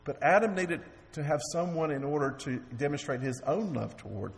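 A man preaching a sermon as pastor, halting and repeating words while he asks the congregation questions. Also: fairly high pitch, expressive, gravelly. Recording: long reverb of a large hall.

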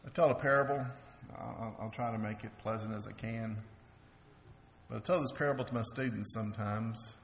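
A man's voice: fairly low pitch, moderate pace, slight background noise. A man preaching a sermon in an earnest way, often repeating words as he restarts. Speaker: preacher and teacher. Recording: echoey hall with faint ambience.

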